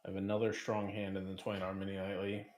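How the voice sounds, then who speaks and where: A man's voice: low voice, completely flat delivery, racing. A man casually commentating his own online poker hands on a live stream, with playful sing-song announcer asides.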